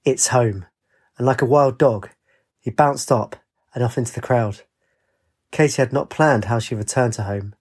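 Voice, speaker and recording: A man reading a fantasy story aloud in a steady, descriptive storybook narration. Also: mid-range voice, moderate pace, slightly rough.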